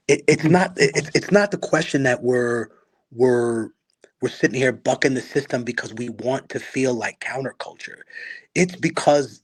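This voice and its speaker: A man's voice: mid-range voice, moderate pace, breathy edge. Passionate, blunt man from Peru. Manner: passionate, storytelling, blunt and profane. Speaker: guest, rapper and activist. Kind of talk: casual podcast conversation.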